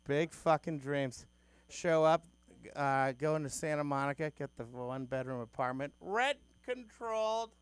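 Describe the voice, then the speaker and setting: A man's voice: mid-range voice, clean tone. Crude young man from Boston doing stand-up. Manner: crude, loose and self-mocking. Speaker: stand-up comedian. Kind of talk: stand-up comedy set. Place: comedy club stage.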